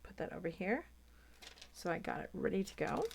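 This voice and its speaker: Gravelly-voiced woman chatting through a craft demo. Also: on the low side, expressive, moderate pace, slight background noise. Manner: chatty, thinks aloud while working, drops to a near whisper. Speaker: papercraft demonstrator. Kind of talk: chatty hands-on craft tutorial.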